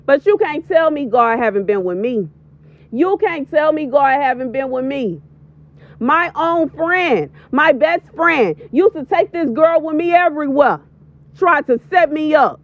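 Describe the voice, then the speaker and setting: A woman in her thirties who makes prophetic videos delivers an emphatic, preachy warning as a voiceover, repeating lines for stress. Her high, animated voice moves at a measured pace, and the lo-fi recording sounds dull.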